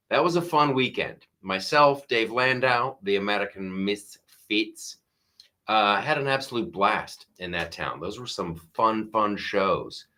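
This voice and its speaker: A middle-aged man holds forth in a loose, rambling comedy monologue, often restarting his sentences. His voice is bright and forward, and his tone stays sarcastic and offhand. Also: mid-range voice. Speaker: comedian podcast host. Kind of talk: casual monologue.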